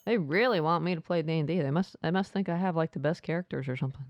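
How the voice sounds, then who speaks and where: A woman's voice: low-pitched, fast talker, no echo, lo-fi sound. A woman streaming a game live, playfully reading the game's text aloud with asides.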